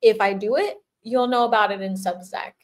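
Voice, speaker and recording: A woman's voice: mid-range voice, steady tone, moderate pace. An older woman hosting a livestream as a spiritual teacher, chatting casually in a playful, giggly way and laughing often.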